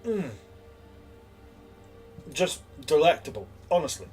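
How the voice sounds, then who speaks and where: A man's voice: a little high, very animated, slow, a little mellow, faint music behind. A man voicing an odd, theatrical café patron who is overly courteous and shows exaggerated disgust. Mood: smug.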